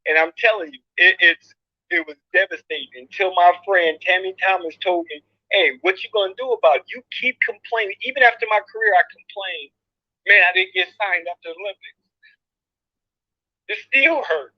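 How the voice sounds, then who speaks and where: A man's voice: sits high, moderate pace, no room sound. A man in his fifties giving an emotional, boastful interview as a guest over a call. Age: 50s. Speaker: guest, returning boxer. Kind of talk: casual interview talk. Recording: dull lo-fi call audio.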